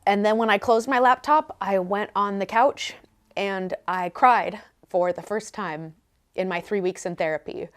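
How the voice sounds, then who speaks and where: A woman in her thirties, a vlogger telling a personal story in an animated, candid and conversational way. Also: mid-range voice, measured pace, clean tone.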